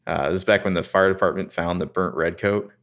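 A man's voice: deep voice, brisk, fairly bright tone. A man hosting a podcast, recapping a TV episode in a casual, rambling way with crude humor. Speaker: podcast host.

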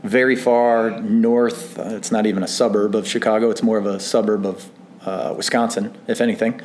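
A man's voice: on the low side, steady tone, normal speed, darkish tone, a little hiss or hum. A man from northern Illinois, a guest on a podcast, talks casually and rambles in a self-deprecating way, with lots of fillers. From northern Illinois, USA. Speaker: interview guest, assistant track manager. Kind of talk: casual interview chat. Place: tower room at a country club, indoors.

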